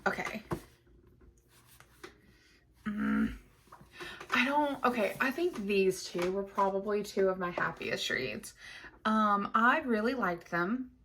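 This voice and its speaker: A woman's voice: medium pitch, slow, pauses often, a bit bright, a little hiss or hum. Chatty, gushing woman book vlogger. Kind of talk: casual chat to camera.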